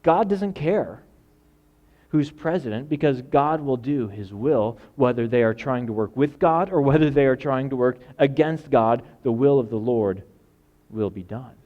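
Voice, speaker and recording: A male pastor preaching a sermon, acting out voices and swinging from loud outbursts to hushed lines. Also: mid-range voice, animated, a little slow, lo-fi sound. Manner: dramatic, acts out quoted voices, swings from loud to quiet.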